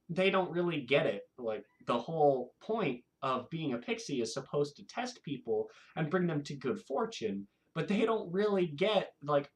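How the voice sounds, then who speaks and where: Rambling, animated man talking to camera. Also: a little high, normal speed, hardly any pauses. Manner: rambling, animated, laughs often. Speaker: video host. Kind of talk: casual talk to camera.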